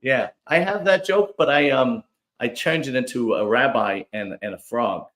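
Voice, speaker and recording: A man's voice: mid-range voice, moderate pace, fairly bright tone, echoey room. A man in his forties hosting a podcast, chatting casually and rambling with frequent restarts. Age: 40s. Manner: rambling, stammers and restarts often. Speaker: podcast host. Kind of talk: casual chat.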